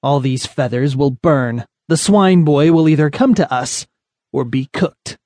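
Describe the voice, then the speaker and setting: A man voicing a rough, coarse-spoken male thug leader in an audiobook, giving orders to his gang. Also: a little high, unhurried, darkish tone, dry recording, clean studio sound, lightly acted. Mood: commanding.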